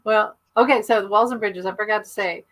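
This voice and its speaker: A woman's voice: mid-range voice, fairly even intonation, brisk, fairly bright tone, poor audio. Chatty woman on a video call. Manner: chatty, rambling, laughs often. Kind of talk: casual chat.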